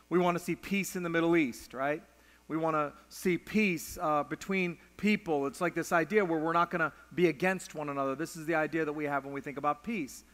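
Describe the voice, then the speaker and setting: A middle-aged man preaches in a fairly high voice, telling a story and often pausing on "uh". His voice rings through a church sanctuary with a long hall reverb. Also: a bit bright. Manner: storytelling with frequent "uh" fillers. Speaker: pastor. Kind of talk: sermon with a personal story.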